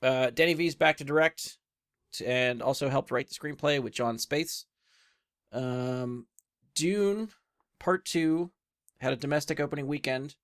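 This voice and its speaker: A man's voice: mid-range voice, measured pace, no echo. Casual male podcast host, dry sound. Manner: laughs often, relaxed hosting. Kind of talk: casual movie review chat.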